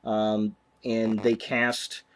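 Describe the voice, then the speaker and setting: A man's voice: on the low side, completely flat delivery, drawn-out words. A man giving a casual, rambling movie news update as a vlogger, full of ums and restarts.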